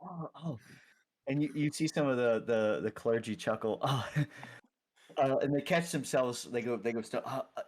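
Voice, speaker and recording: A man's voice: mid-range voice, moderate pace. A man narrating as game master of a tabletop game, talking hesitantly with many restarts and easy laughter.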